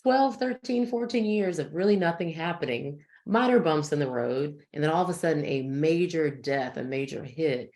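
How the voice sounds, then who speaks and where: Brief: deep-voiced woman psychologist, calm and reassuring, talking over a video call. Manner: warm, reassuring, measured explanations. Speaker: psychologist guest. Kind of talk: expert interview, conversational.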